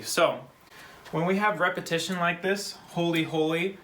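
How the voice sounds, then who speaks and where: A man's voice: a little high, steady tone, sharp tone, slight background noise, low-quality recording. A man teaching a short Bible Hebrew lesson for a church kids' program, explaining word by word in a patient, step-by-step way. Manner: patient, slow, spells out words.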